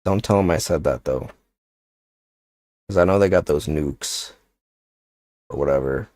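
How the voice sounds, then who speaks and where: A man's voice: extremely low pitch, measured pace, darkish tone, no room sound. A young man chatting casually on a livestream, rambling and joking with lots of filler words. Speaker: streamer.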